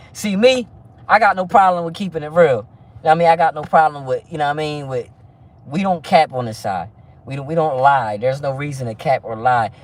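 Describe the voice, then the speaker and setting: A man's voice: fairly high pitch, a little fast. Preachy, profane man on a livestream. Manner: rambling, preachy about faith, heavy street slang and profanity; stumbling restarts, frequent "you feel me". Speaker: livestream host. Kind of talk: casual livestream chat with viewers.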